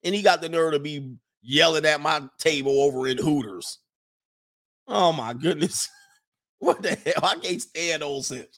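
A man hosting a casual livestream, reading viewer messages aloud and answering in an animated, joking way. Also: fairly high pitch, normal speed. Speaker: livestream host reading super chats.

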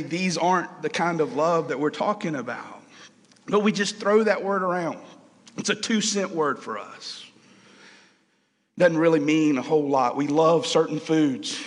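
Earnest male preacher in a reverberant hall. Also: on the high side. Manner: earnest, rising and falling with emotion, repeating phrases. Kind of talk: sermon.

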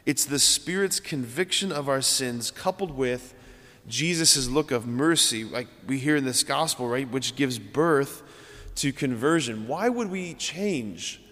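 Priest giving a homily, earnest, repeats phrases for emphasis, long church echo. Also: male voice, medium pitch, animated, unhurried, fairly bright tone. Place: large church.

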